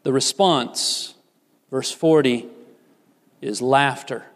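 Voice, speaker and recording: A man preaching a sermon as a pastor, swinging from loud, rising emphasis to hushed, low asides. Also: slow. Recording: reverberant hall.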